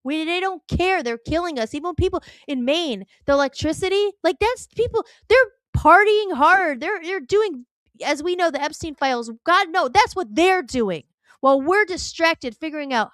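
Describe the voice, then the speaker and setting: A woman's voice: high-pitched, expressive, moderate pace, a bit bright, no room sound. A woman on a talk stream, ranting heatedly and firing off rhetorical questions. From United States.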